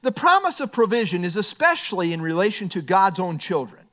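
A man preaching a sermon, quoting scripture and dropping into quiet, joking asides. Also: high voice, fairly quick. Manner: expressive, swings between emphatic and quiet asides; quotes scripture, light humor. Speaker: pastor.

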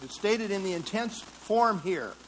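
A man's voice: high voice, expressive, unhurried, a bit bright, slight background noise, low-quality recording. A man leading an interactive Bible study, explaining a passage in a conversational way and putting questions to the class. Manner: conversational, asks the class questions, frequent fillers. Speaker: Bible teacher.

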